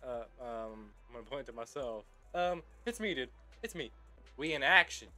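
A man's voice: mid-range voice, lively intonation, normal speed, sharp tone, soft background music. A young man casually commenting on a video game as he plays, goofy and rambling, calling people brother. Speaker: gaming YouTuber.

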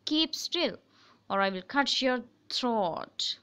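A woman teacher reading the lines of a frightening escaped male convict aloud from a storybook, with slow, heavy stress on his commands. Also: a little high, animated, bright, forceful tone, clear, resonant tone, full character voice. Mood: menacing.

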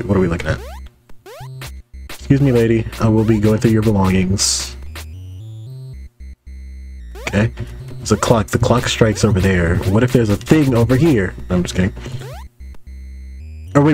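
A man's voice: lowish voice, lively intonation, quick pace, a little mellow, soft background music. Joking young man commenting on gameplay. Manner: joking, chatty, talks to his viewers. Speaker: gaming YouTuber.

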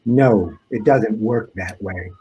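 A man voicing a burly police officer giving curt commands, in a husky voice. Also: fairly low pitch, slow, warm tone, highs cut off, heavily acted. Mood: commanding.

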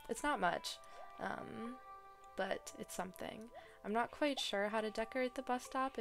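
A woman chatting casually while playing a farming video game, excitable and prone to dramatic groans. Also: medium pitch. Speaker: gaming streamer. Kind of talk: casual gameplay commentary. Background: soft game music.

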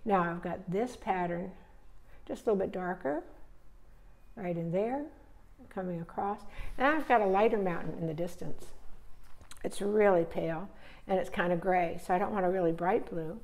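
A woman teaching painting, relaxed and thinking aloud step by step as she paints. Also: on the low side, normal speed, pauses often. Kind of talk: narrating a live painting demonstration.

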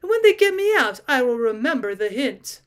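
A woman reading the part of a fierce, vengeful nobleman trapped under a tree, speaking louder and higher than her narration. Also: sing-song, a little fast. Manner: fierce and raised.

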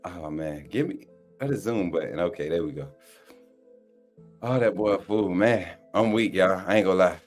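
A man's voice: deep voice, normal speed, darkish tone, faint music behind. A man hosting a sports fan live stream in loose, slangy casual chat, often cracking up with laughter.

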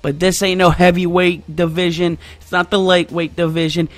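A man giving excited live gameplay commentary as a YouTuber, full of loud yelps, shouts and trash talk. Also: high-pitched, moderate pace. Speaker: gaming YouTuber.

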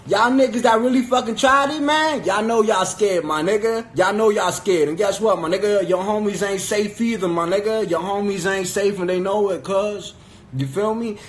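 A man's voice: high voice, moderate pace. A man on a phone livestream angrily taunting his rivals in profane, repetitive street talk. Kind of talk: angry livestream rant.

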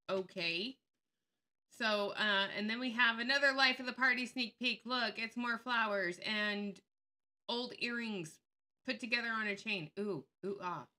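Woman commentator, sharp and bright tone, sarcastic and fired-up casual delivery. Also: fairly high pitch. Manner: blunt, sarcastic, openly angry; swears freely. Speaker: YouTube commentator. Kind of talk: casual screen-share commentary.

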